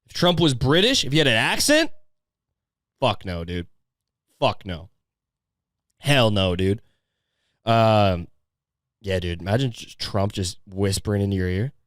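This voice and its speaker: A man's voice: lowish voice, big pitch swings, takes it slowly, long pauses, a bit bright, no echo, studio quality. A man hosting a comedy podcast, ranting in a crude, sarcastic, rambling way. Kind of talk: crude casual rant.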